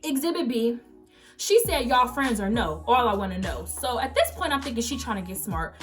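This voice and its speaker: Animated young woman telling a story. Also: a little high, normal speed, soft background music. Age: late teens. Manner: animated, emphatic storytelling, acting out quoted texts. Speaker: vlogger. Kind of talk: story time vlog.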